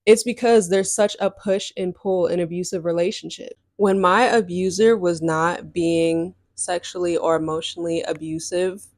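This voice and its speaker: A young woman with a lowish voice talks candidly into a close mic, recorded dry. She is casual and emphatic, and she leans on "like" and "um" as she tells a personal story on her podcast. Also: fairly even intonation, moderate pace, few pauses, no room sound. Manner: casual and emphatic, heavy use of "like" and "um". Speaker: podcast host.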